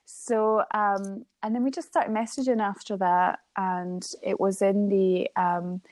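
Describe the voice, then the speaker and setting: A young woman, a guest in an interview, chatting warmly about her life and laughing often as she tells a story. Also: medium pitch, flat delivery, unhurried, dry recording. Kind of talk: emotional interview conversation.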